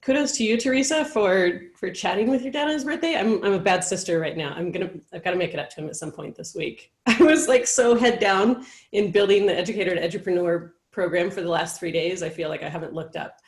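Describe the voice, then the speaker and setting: Lady hosting a chat show, low voice, lots of ums, roomy echo. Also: fast talker, few pauses. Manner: warm, encouraging, frequent "um"s. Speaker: host. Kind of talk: casual live-show chat.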